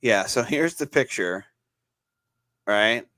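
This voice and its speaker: In a mid-range voice that's animated, slow, pushed and bright, a man co-hosts a podcast in casual conversation. He rambles, uses many fillers, interrupts himself to restart, and laughs easily, in a studio-quality recording with no room sound.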